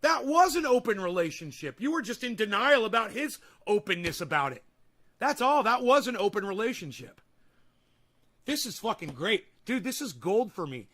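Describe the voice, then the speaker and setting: A man's voice: high-pitched, sharp tone. A young man hosting a livestream, reading and answering comments in a profane, combative, sarcastic rant. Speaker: livestream host. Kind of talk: ranting livestream chat.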